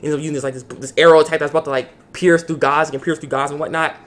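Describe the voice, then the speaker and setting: A man's voice: a little high, fairly even intonation, very fast, fairly bright tone. A young man casually recapping an anime episode for his video channel, rambling with lots of fillers. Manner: rambling, filler-heavy storytelling. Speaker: anime reviewer.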